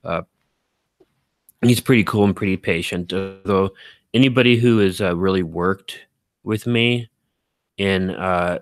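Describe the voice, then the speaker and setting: Deep-voiced man rambling on a live stream. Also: unhurried, long pauses. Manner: rambling, full of fillers and self-corrections; self-deprecating, chatty. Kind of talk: casual live-stream chat, reading viewer comments.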